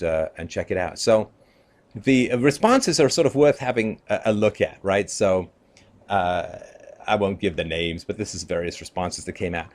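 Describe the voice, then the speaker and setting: In an opinion commentary monologue, a male political commentator whose voice sits low speaks emphatically but conversationally, relying on "you know" and "right?" and chuckling between his points.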